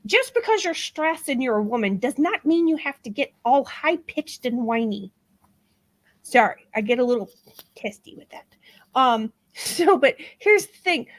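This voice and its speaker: A woman's voice: high voice, normal speed, low-quality recording. Sarcastic middle-aged woman commentating. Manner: animated, sarcastic, acts out quotes. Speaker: true-crime commentator. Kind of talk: casual commentary.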